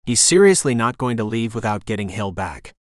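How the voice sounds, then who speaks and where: A man's voice: fairly low pitch, very animated, a little fast, no echo, clean studio sound. A man voicing a blunt young woman who keeps the peace in a bossy, exasperated, no-nonsense way, read from an audiobook.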